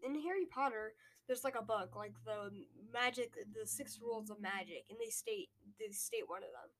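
A woman's voice: a little high, moderate pace, fairly bright tone, slight background noise. A young woman co-hosting a book podcast, recapping a chapter from her notes with many hesitations. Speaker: podcast co-host.

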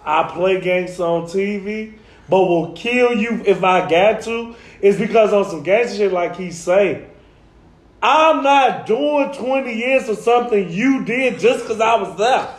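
Man, very high voice, animated storyteller; echoey room. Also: unhurried. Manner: animated storytelling, swearing, laughing often. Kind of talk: casual chat.

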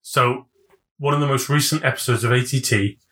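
A man's voice: medium pitch, fairly quick, a bit bright. A man chatting casually on a podcast, sweary, jokey and easily sidetracked. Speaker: podcast co-host. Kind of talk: casual chat.

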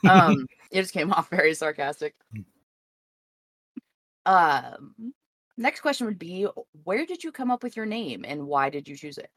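A woman's voice: on the low side, sing-song, a little slow, pauses often, a bit bright, no echo, clean studio sound. A woman co-hosting a casual podcast, teasing and playful as she asks questions. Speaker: podcast co-host.

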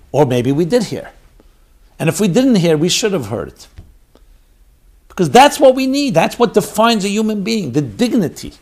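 A man giving a sermon, swinging between loud exhortation and quiet storytelling. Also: fairly high pitch, breathy edge.

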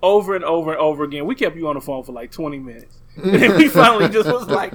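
A man's voice: high-pitched, fast talker, a crowd in the background. A man hosting a podcast, chatting casually and telling joking stories. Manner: joking, storytelling. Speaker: podcast host. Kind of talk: casual chat.

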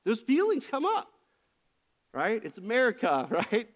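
Male pastor, high voice, candid confessional sermon, halting restarts. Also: huge pitch swings. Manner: confessional, self-searching, with frequent restarts.

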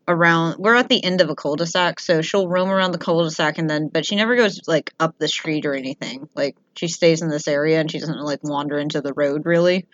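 A woman's voice: sits low, no room sound. Chatty young woman, rambling storyteller. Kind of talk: casual chat. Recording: dry, slightly muffled audio.

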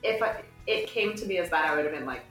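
A woman's voice: on the low side, expressive, fast, fairly bright tone, soft background music. A young woman chatting casually in a giggly, earnest way. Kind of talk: casual chat. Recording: echoey room.

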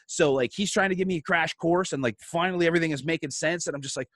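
A young man telling a story in a casual podcast chat, animated, swearing often and restarting his sentences. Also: fairly high pitch, fast talker, dry recording.

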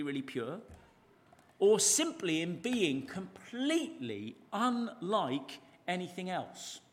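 A man preaching a sermon to a church congregation, animated, stretching key words out for emphasis and asking rhetorical questions. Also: on the high side. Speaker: pastor. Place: church service, large room. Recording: long church reverb.

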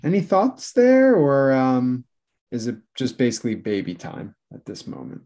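A man hosting a podcast casually over a video call, with dry, deadpan asides. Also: medium pitch, normal speed. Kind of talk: casual chat.

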